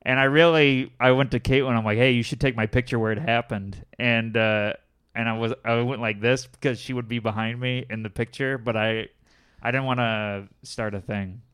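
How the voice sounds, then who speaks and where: A man's voice: mid-range voice, normal speed, clear, resonant tone. A man telling a story in a casual chat, acting out what people said in raised voices. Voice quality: animated storyteller, acts out quotes in raised voices.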